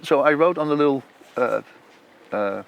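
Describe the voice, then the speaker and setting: A man's voice: medium pitch, normal speed, vocal fry, highs cut off. A middle-aged man with a Dutch accent, a composer being interviewed, telling stories with energy and singing melodies aloud. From Netherlands. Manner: animated storyteller who sings melodies aloud.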